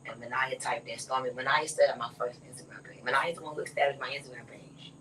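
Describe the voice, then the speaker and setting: A woman talks softly in a relaxed conversation and often sinks to a near whisper. Her voice is bright. She sits some way from the mic, with faint noise behind her. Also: extremely low pitch, fast talker, recorded from a distance, rough recording. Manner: soft-spoken, often drops to a near whisper. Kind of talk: casual conversation.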